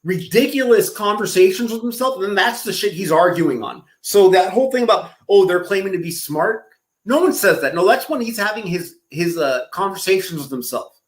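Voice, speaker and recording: A man's voice: high voice, animated, brisk. A man commentating in casual chat, rambling and leaning heavily on "like" fillers. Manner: rambling, heavy use of "like" fillers.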